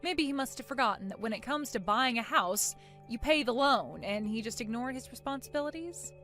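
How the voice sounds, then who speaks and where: Woman as a smug calm young wife, soft sarcastic delivery, slightly high voice, faint music under it. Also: brisk. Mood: matter-of-fact. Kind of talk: animated story voice acting.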